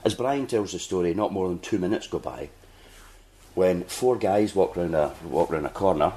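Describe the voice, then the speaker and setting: A man's voice: sits low, expressive, normal speed, dark tone. A Scottish man hosting a podcast, telling a long anecdote in casual chat and acting out the people he quotes. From Scotland. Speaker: podcast host.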